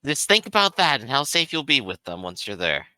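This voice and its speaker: A man's voice: medium pitch, sing-song, a little fast, pushed and bright, no room sound. A man voicing a cheerfully reassuring male adventurer who talks in a patronizing, soothing way.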